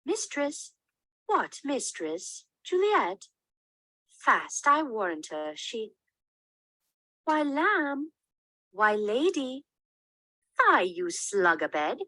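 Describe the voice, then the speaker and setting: A man doing a high, fussing old nurse. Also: huge pitch swings, drawn-out words, long pauses, bright, forceful tone, no room sound, heavily acted, rough recording. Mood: teasing. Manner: teasing, then wailing in alarm. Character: fussing old female nurse, teasing then grief-stricken. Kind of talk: dramatic reading of a play.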